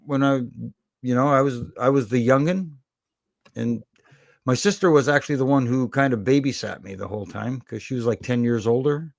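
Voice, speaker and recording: A man's voice: medium pitch, normal speed, gravelly, no echo. A middle-aged man, a former wrestling referee, chatting as a guest and telling stories with many fillers and restarts. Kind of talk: casual interview chat.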